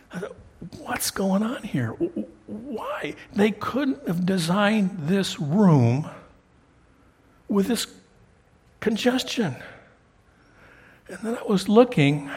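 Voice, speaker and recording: A middle-aged man delivers a sermon from the pulpit of his church. His voice is somewhat husky and breathy. He talks with the congregation in a conversational way and pushes up with emphasis when he drives a point home. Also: high voice. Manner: conversational preaching, rising emphatically on key points. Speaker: pastor. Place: church sanctuary.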